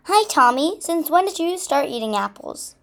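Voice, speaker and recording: A woman's voice: high-pitched, animated, normal speed, pitched above the performer's own voice. A woman voicing an eager, nosy male crow in a read-aloud storybook.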